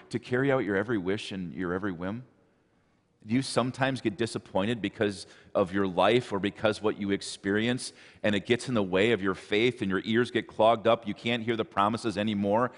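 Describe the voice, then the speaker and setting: A man's voice: on the low side, in a large hall. A man preaching a sermon, earnestly repeating his exhortations. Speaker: pastor.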